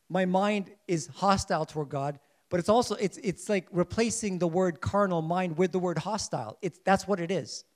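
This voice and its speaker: A man preaching a sermon in an earnest way, often restarting his sentences as he searches for words, sometimes rising in emphasis and sometimes going quiet. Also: high-pitched.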